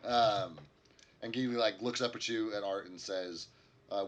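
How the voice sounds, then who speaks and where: A man's voice: mid-range voice, steady tone, moderate pace, fairly bright tone, slight background noise. A man narrating as the game master of a tabletop game in a rambling way, full of fillers.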